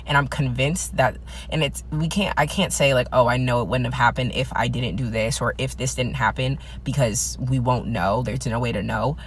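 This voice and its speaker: A man telling his own story in a casual vlog, fast-talking and intense. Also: medium pitch, steady tone, a bit bright, a little hiss or hum. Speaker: video creator.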